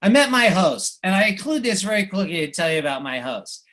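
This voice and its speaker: An American man, a cartoonist, giving a wry, anecdotal slide presentation, pausing often with fillers and little chuckles. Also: sits high, sing-song, fairly bright tone. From United States.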